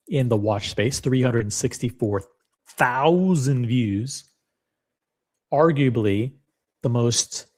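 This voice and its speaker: A man's voice: mid-range voice, darkish tone. A man hosting a live reaction stream, chatting in a rambling, self-deprecating way. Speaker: livestream host.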